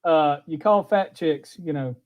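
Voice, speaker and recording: A man co-hosting a podcast in casual banter. He cuts in often with quick jokes. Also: fairly high pitch, no echo, phone-quality sound. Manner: jokey, interrupts often with quick quips. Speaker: podcast co-host.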